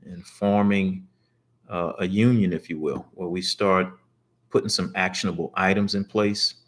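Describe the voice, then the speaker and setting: A man's voice: low-pitched, fairly even intonation, normal speed. An older man hosting a talk show, easygoing and encouraging, with many fillers. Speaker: host. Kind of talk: casual talk show chat.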